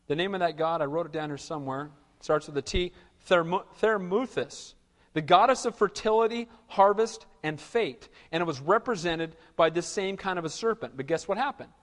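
A man preaching a sermon, telling Bible stories in an animated way and acting out the quotes. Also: on the high side, normal speed, long reverb tail. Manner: animated storytelling, acts out quotes. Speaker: pastor.

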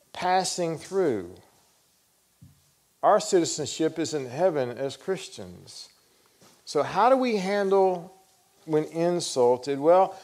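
A man's voice: mid-range voice, darkish tone. A male pastor preaching a sermon, earnest and questioning, telling stories to make his point.

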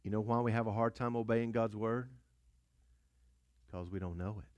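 A pastor with a lowish, slightly mellow voice preaches at a moderate pace, his intonation fairly even. Storytelling drives the sermon, along with repeated lines, rhetorical questions and call-and-response.

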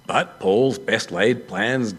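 A man preaching a sermon as a pastor, telling a story with lively self-deprecating humour. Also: fairly low pitch, slow pace, husky.

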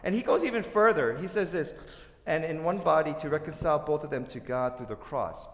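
Pastor preaching in an echoey hall. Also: male voice, fairly high pitch, brisk. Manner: storytelling, lively asides and acted-out quotes. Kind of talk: sermon.

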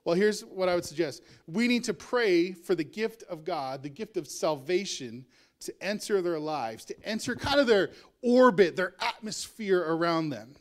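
A man's voice: high voice, lively intonation, moderate pace. A male pastor preaching a sermon in a conversational way, with asides and chuckles.

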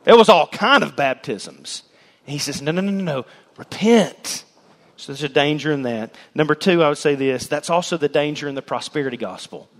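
Pastor, male, high voice; emphatic sermon in a reverberant church hall, shouts key words. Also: expressive, a little fast. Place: church sanctuary.

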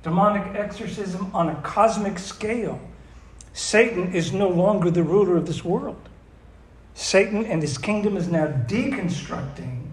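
Emphatic male preacher in echoey room. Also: sits high. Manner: emphatic, asks the audience questions, reads verses slowly. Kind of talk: sermon teaching on scripture.

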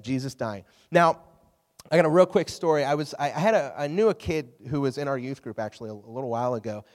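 A man preaching to a youth group, casual and animated, often asking the audience questions. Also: mid-range voice, big-room sound. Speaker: youth pastor. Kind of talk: youth sermon.

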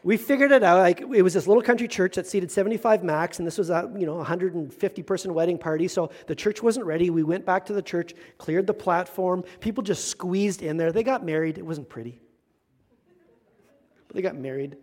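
A middle-aged male pastor giving a conversational, animated sermon, acting out the voices of the people he quotes. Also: high-pitched, fairly quick.

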